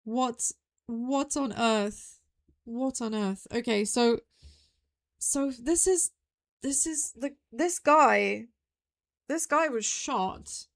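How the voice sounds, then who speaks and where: A young woman streaming a game, thinking aloud in an excitable way and repeating her own phrases as she puzzles things out. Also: fairly high pitch, very slow, pauses often. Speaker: VTuber streamer. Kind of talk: live game stream commentary.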